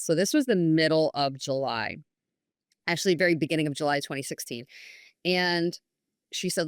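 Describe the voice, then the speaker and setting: Earnest woman, lowish voice, dry sound. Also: animated, fairly quick, no room sound. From New York. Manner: earnest, candid storytelling with frequent "I was like" and quoted dialogue. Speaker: podcast guest. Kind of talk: personal testimony in conversation.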